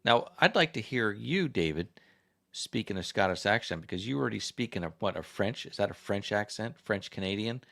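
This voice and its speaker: With a fairly low, creaky, slightly bright voice, this American livestream host talks fairly quickly and with lively intonation. Speaking into a desk mic, he chats loosely, reading out viewer comments and asking the audience questions.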